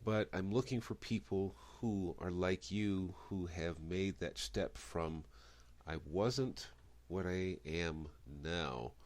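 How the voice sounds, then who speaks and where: Middle-aged male host, deep low voice, chatty and rambling. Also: takes it slowly, a little mellow. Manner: chatty, rambling, self-correcting. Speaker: radio show host. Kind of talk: interview.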